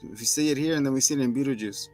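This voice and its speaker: A man casually recapping a TV episode, acting out characters in sudden high voices, laughing and swearing often. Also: racing, soft background music. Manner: animated, acts out characters in bursts of high voices. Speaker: podcast co-host recapping a TV episode. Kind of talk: casual chat.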